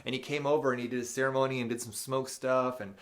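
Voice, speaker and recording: A man hosts an unscripted live motivational show. He tells a personal story in a loose, animated way, full of fillers and restarts. His voice sits at a middle pitch. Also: quick pace. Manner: reads viewer questions aloud.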